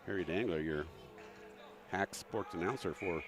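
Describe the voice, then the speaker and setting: Announcing a live local hockey game from a mobile rink-side booth, this man rambles and makes jokes at his own expense. His voice is fairly low and animated, and he talks at a normal speed.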